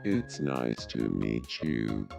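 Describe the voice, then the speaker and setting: Slow, polite wood monster, very low, gravelly and synthetic, faint music under it. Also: male voice, sing-song, exaggerated voice. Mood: flat. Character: tall skinny slow serious male wood monster. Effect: game speech synthesizer.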